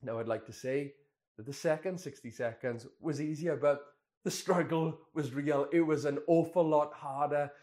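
A man's voice: fairly high pitch, steady tone, moderate pace, a little mellow. A man in his twenties, a pastor telling a candid, self-deprecating personal story in a sermon. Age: 20s.

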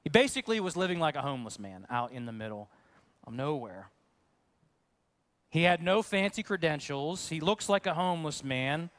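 Man, high voice, pastor, conversational sermon, animated. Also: moderate pace. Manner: conversational, animated, acts out questions.

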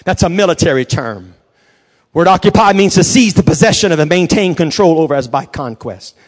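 A man pastor preaching a sermon, moving from quiet storytelling to shouted, fervent declarations. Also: on the high side, expressive, a little fast.

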